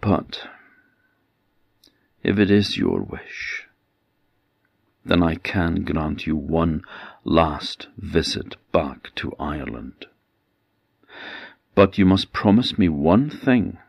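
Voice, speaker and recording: A man with an Orkney Scottish accent voicing a gentle, caring fairy queen who speaks soft, earnest warnings. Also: low-pitched, expressive, slow, vocal fry, pauses often, slightly rough, no room sound, muffled recording, heavily acted.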